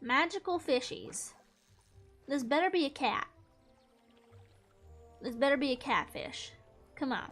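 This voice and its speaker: Young woman streamer, high voice, playful banter over soft game music. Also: expressive, moderate pace. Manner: playful, mock-exasperated, talks to the fish. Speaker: gaming streamer. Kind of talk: casual gameplay commentary.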